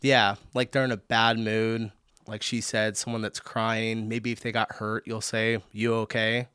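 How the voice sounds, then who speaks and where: A man's voice: on the low side, level tone, unhurried, sharp tone, clear, resonant tone, dry recording, clean studio sound. An American man hosting a reaction video, chatting casually, thinking aloud and often laughing between comments.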